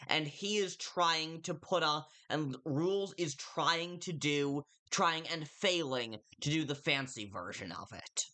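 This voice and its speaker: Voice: medium pitch, pushed and bright. Chatty streamer voicing game characters. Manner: chatty, self-deprecating, rambling with restarts. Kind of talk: casual gameplay commentary, reading game dialogue in voices.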